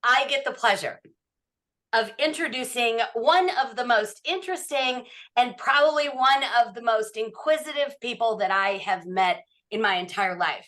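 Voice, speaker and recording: A woman with a bright, fairly high voice hosts an online meeting over a video call. She talks in a chatty, affectionate way with plenty of ums and uhs. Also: normal speed. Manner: chatty and affectionate, with many fillers. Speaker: host of an online club meeting. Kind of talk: warm emcee introduction.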